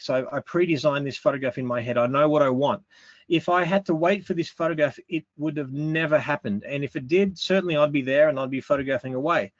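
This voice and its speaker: A middle-aged Australian man giving a relaxed photography lesson, talking through how his pictures were made with some fillers. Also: medium pitch, no room sound, dull audio. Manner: relaxed, conversational explaining with fillers. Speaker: photography instructor. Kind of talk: presentation talk with slides.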